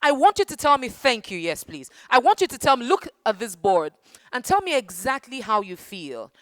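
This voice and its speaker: A woman giving an interactive talk to children, animated and affectionate, calling them darling and baby. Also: on the high side, normal speed, dry recording. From Nigeria. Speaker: children's book festival speaker. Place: festival hall with young audience.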